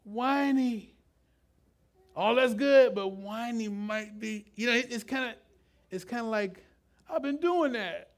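In a high-pitched, steady, unhurried voice, a pastor gives a loose, conversational sermon in church, repeatedly asking the live congregation questions.

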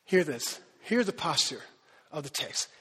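A man preaching a sermon with animated, emphatic delivery, repeating words for stress. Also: on the high side, unhurried, slightly rough. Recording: long hall reverb.

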